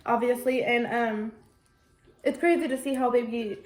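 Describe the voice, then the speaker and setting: A young woman chatting casually as co-host of a sisters' vlog, talkative and quick to laugh. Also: a little high, fairly even intonation, darkish tone, roomy sound, slight background noise. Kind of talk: casual chat.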